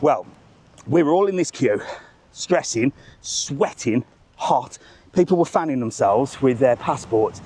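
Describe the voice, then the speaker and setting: A man hosting a live travel vlog, telling a story as an animated, swearing rant while walking outdoors. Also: mid-range voice. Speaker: travel vlogger, live stream host. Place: outdoors among bars and restaurants.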